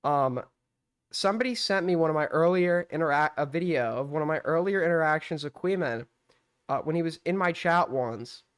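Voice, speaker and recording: A man's voice: on the high side, fairly quick, smooth. A young man hosting a live stream with call-ins, casual and mocking as he accuses a caller.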